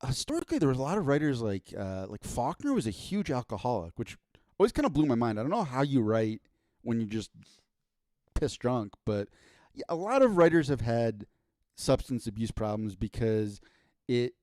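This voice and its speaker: A man's voice: mid-range voice, sing-song, moderate pace, a little mellow, no echo, studio quality. A man co-hosting a podcast in casual comedic chat, rambling and joking with many restarts. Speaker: podcast co-host.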